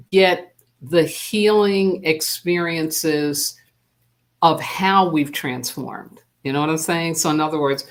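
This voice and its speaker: A spiritual teacher hosting a live stream, talking casually and unhurriedly, with many pauses and fillers, and greeting viewers by name. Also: mid-range voice.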